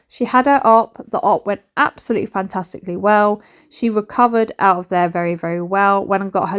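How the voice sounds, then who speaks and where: A woman, vlogging chattily and excitably from a bedroom at home while she tidies up. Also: medium pitch. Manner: excitable, rambling, chats while tidying.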